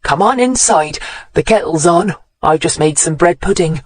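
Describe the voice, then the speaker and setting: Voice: mid-range voice, lively intonation, normal speed, dry recording, lightly acted. An audiobook narrator voicing an elderly country woman, terse and homely. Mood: plain, homely.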